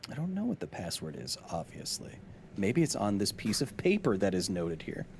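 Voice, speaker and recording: A man's voice: fairly low pitch, huge pitch swings, moderate pace, a little hiss or hum. A man live-streaming a video game, chatting with his viewers in a jokey, casual way and reading in-game notes aloud.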